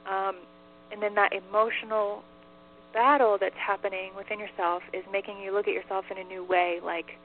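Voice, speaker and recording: A woman's voice: mid-range voice, steady tone, moderate pace. A woman talking as a medium, in casual chat full of fillers and "like", relaying answers. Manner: chatty, many fillers and "like". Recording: tinny phone line with faint hiss.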